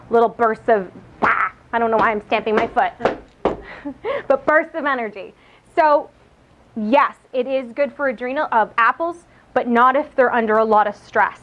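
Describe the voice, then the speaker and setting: A woman giving a live lecture on diet and exercise, chatty and lively, asking her audience questions. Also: a little high, a little hiss or hum. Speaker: nutrition speaker. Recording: muffled lo-fi lecture recording.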